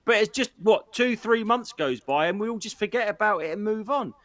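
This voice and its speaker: A man on a podcast with a high, swooping voice. He sounds exasperated and often trails off. The sound is dry. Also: expressive, a little fast, fairly bright tone, no room sound. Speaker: podcast co-host. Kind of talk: casual political chat.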